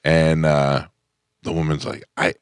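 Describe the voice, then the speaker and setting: A man's voice: very deep voice, flat delivery, unhurried, smooth, dry recording. A man co-hosting a morning radio show, trading jokes and telling stories in casual banter from the studio. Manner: joking storyteller. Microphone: studio microphone.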